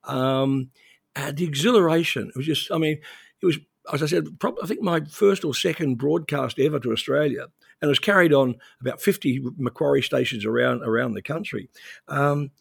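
Older male guest, gravelly and husky, anecdotal interview talk. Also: a little high, normal speed, no room sound, clean studio sound. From New Zealand. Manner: anecdotal, rambling with restarts. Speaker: interview guest, former journalist. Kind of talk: conversational interview.

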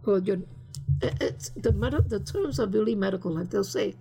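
A woman's voice: medium pitch, moderate pace, vocal fry, warm tone, faint music behind. An older woman being interviewed, telling stories casually in a rambling way, full of fillers and slipping into Spanish phrases. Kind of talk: casual storytelling.

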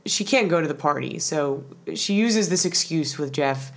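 A woman's voice: deep voice, expressive, moderate pace, creaky. A woman co-hosting a podcast, recapping an episode in casual, rambling chat with lots of filler words. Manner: chatty, rambling, many "like" fillers. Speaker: podcast co-host.

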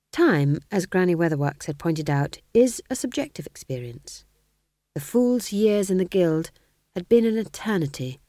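Woman reading a storybook, expressive. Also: fairly low pitch, dry recording, clean studio sound. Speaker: audiobook narrator. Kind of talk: scripted narration.

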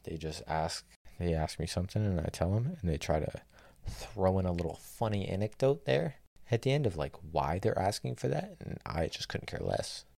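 A young man with a very low voice that has a gravelly rasp running through it. He tells his stories in an exasperated, sardonic tone and swears without hesitation. The sound is close and dry. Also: lively intonation, moderate pace, dark tone, dry recording. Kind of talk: casual storytelling rant.

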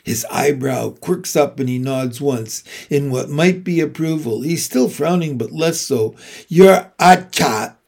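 Slow, steady man reading a novel. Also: medium pitch, vocal fry, slightly rough. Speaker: reader. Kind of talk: reading a children's novel aloud.

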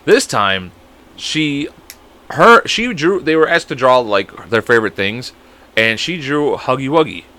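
A man's voice: medium pitch, measured pace. A man in his thirties, a podcast co-host, rambling and swearing his way through a casual story. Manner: rambling, profane, animated storytelling. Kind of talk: casual chat.

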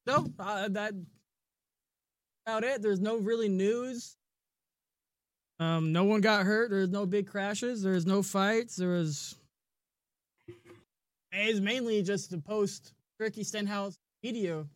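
A man's voice: high-pitched, slow pace, long pauses, no echo, studio quality. A man co-hosting a racing podcast in casual chat, blunt and rambling, swearing freely. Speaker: podcast co-host.

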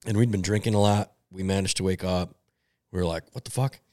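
A man's voice: low-pitched, steady tone, a little fast, a little mellow, no room sound, studio quality. A man telling a funny story in a casual podcast chat, laid back and laughing between lines.

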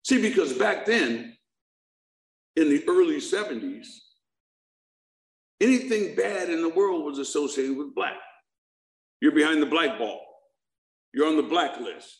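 His voice is a little high and expressive, and he moves at a measured pace with frequent pauses. The middle-aged man is recounting his recovery to a live crowd, making it funny and asking them questions. The room has a noticeable echo.

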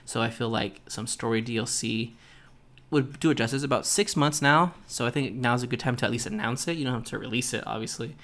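A man's voice: medium pitch, a little fast, fairly bright tone. A man hosting a podcast alone, speculating in a casual, loose way. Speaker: podcast host. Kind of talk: solo podcast commentary.

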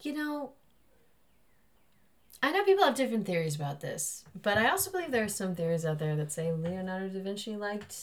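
A woman's voice: mid-range voice, big pitch swings, fairly quick. Rambling woman podcast host. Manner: rambling, laughs often, uses filler "like". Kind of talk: casual chat.

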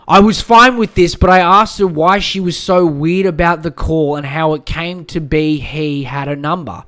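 A man with a fairly high voice hosts a casual solo podcast, reading a listener's letter aloud. He rambles and swears freely, then gives blunt, no-nonsense advice. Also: moderate pace, a bit bright, clean tone. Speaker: podcast host giving advice.

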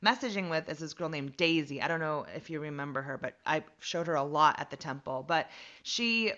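A woman from the United States, a comedian guest telling a long story in casual chat, animated and full of fillers. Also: deep voice, brisk, muffled recording. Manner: animated and rambling, many fillers.

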